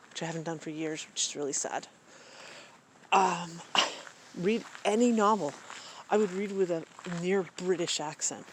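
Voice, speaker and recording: A woman's voice: lowish voice, slight background noise. Musing woman vlogging in the woods. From Maine, USA. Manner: hesitant, musing, many ums and restarts. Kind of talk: reflective personal monologue. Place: outdoors in the woods.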